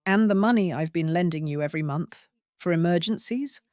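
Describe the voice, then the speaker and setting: A woman voicing a hurt but firm older widowed mother, questioning pointedly in a low voice. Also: brisk, a little mellow, dry recording, clean studio sound, natural voice. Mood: confronting.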